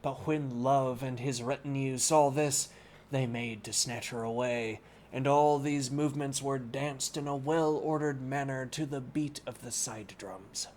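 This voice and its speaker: A man of middle pitch reads an old novel aloud as a bedtime story, taking his time over the lines. He drifts off into relaxed asides to his live audience between passages, with a faint hiss of noise under the voice. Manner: unhurried reading, musing asides to viewers.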